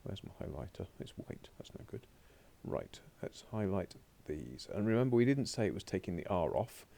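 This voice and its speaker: Deep, gravelly-voiced man teaching French. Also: sing-song, moderate pace, dark tone. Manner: chatty, talks to himself while working through slides. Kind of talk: recorded remote lesson with screen commentary. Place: home or classroom desk at a laptop.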